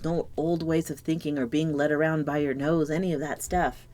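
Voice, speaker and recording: A woman giving a solo tarot reading to camera, talking softly and reflectively, sometimes dropping to a near-whisper as she searches for words and sounds moved. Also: low-pitched, fairly even intonation, normal speed, few pauses. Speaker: tarot reader.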